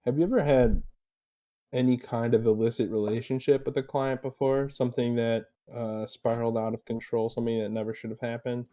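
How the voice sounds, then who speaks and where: A man's voice: medium pitch, flat delivery, fairly quick, dark tone. A man co-hosting mock improv interviews, teasing and playfully mock-bossy. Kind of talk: improv comedy.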